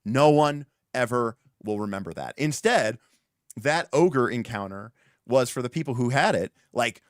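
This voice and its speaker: A male livestream host chats about game design in a loose, animated ramble. His mid-range voice sits close on a desk mic with a dry, dead sound. He doubles back and restarts often. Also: medium pitch, measured pace, dry recording. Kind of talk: casual livestream chat.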